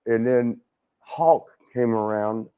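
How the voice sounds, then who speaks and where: A man's voice: mid-range voice, slow pace, clean tone. An older man tells a rowdy story in loose, casual chat, laughing often and swearing freely. He acts out what others said. His mid-range voice comes through dull, lo-fi stream audio. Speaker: wrestling legend guest.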